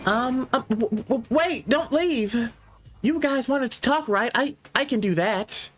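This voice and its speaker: A man's voice: very high-pitched, expressive, takes it slowly, fairly bright tone, soft background music, pitched above the performer's own voice, heavily acted. A man reading a visual novel aloud, voicing a painfully shy young man who stutters and restarts his words. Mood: anxious. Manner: stuttering, hesitant, repeats words.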